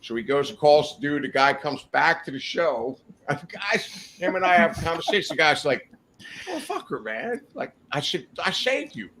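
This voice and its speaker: A man's voice: fairly high pitch, sing-song, moderate pace, noisy background. A man casually telling rambling, profane anecdotes on a podcast, laughing as he goes. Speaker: podcast guest telling stories. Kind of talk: casual storytelling chat.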